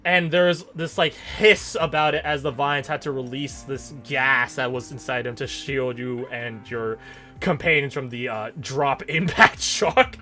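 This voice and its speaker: A man running a tabletop game as game master, narrating in a lively, jokey way. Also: medium pitch, unhurried, soft background music.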